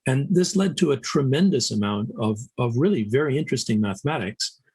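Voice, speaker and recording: A middle-aged man giving an academic conference talk, measured and hesitant, with many fillers and restarts. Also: mid-range voice, lively intonation, a little mellow, husky, no room sound, poor audio. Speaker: conference speaker. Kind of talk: academic lecture.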